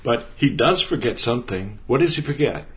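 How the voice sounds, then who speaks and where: A man's voice: mid-range voice, lively intonation, normal speed, a bit bright. A man teaching the Bible in a conversational way, earnest and emphatic, repeating words for stress.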